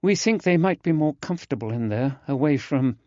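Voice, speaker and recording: A male narrator voicing a pale, strained young woman who speaks urgently and haltingly in an audiobook. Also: a little high, lively intonation, darkish tone, no room sound, muffled recording, voice pushed up, close to an everyday voice.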